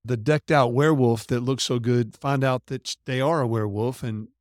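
A man hosting a podcast interview, dropping quick joking remarks. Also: medium pitch, fairly even intonation, no echo, studio quality. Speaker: podcast host. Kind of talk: conversational interview.

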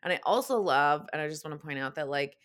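A woman's voice: deep voice, fast talker, a bit bright. A woman hosting a casual chat, speaking enthusiastically and affirmingly with casual swearing. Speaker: podcast host.

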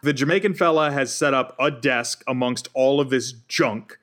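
A man's voice: mid-range voice, moderate pace, fairly bright tone. A man narrating a tabletop role-playing game as game master, in an easygoing, descriptive way.

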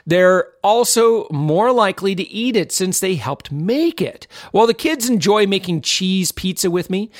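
A man with a fairly high voice hosts a money-saving talk. He reads quotes with chatty asides and quick self-corrections. The sound is close and dry. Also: a bit bright, no room sound. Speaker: host of a money-saving channel. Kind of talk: casual chat reading tips and pitching a membership.

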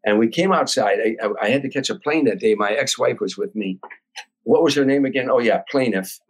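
An older man from Chicago, a comedian telling a long anecdote as a podcast guest, animated and acting out voices and sounds. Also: medium pitch, fairly quick, slightly rough, rough recording. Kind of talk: storytelling anecdote.

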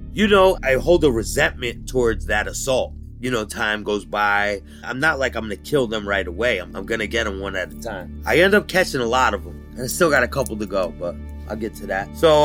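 A man bluntly recounting his rough youth in an interview, talking in street slang and swearing freely. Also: medium pitch, a bit bright. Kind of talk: candid life-story interview.

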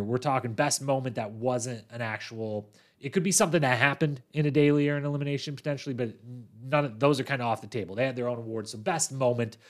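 A man hosting a podcast, recapping a reality competition season in a chatty, animated storytelling way with quick asides. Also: mid-range voice. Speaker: podcast host.

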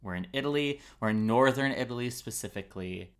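A man hosting a podcast in casual chat, playful and quick to laugh. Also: mid-range voice, clean tone. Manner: laughs often, playful teasing. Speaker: podcast host.

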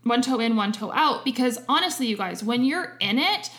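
A woman's voice: a little high, lively intonation, moderate pace, a bit bright. A woman co-hosting a candid conversation, talking in a reflective, self-examining way with emphatic short phrases.

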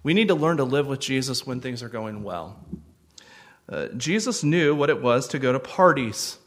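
A man preaching a sermon as pastor, earnest and gentle, with sudden swells of intensity. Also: mid-range voice, sing-song, moderate pace.

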